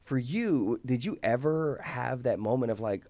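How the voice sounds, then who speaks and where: A man's voice: medium pitch, expressive, unhurried, mellow, no echo. A man hosting an interview, speaking hesitantly, with many restarts as he tells a story. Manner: hesitant, many restarts, quotes others animatedly. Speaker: podcast host. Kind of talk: conversational interview.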